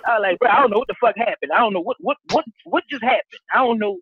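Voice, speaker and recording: A man co-hosting a casual podcast, ranting in an animated, profane way with lots of repeated fillers. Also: high-pitched, very fast, few pauses. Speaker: co-host. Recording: muffled with loud crowd noise.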